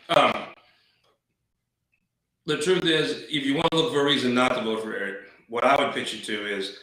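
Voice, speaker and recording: Folksy host, blunt and rambling, bright tone, recorded off mic in a very echoey room. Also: male voice, mid-range voice, distant mic. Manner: blunt folksy talk with restarts. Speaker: political show host. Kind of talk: casual political commentary.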